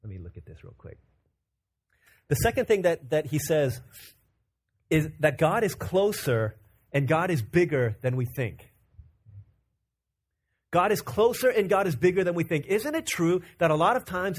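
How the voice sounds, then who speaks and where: A man from Virginia preaching a conversational, animated sermon as pastor. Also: fairly high pitch. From Virginia, USA. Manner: conversational and animated, acting out quick character quotes.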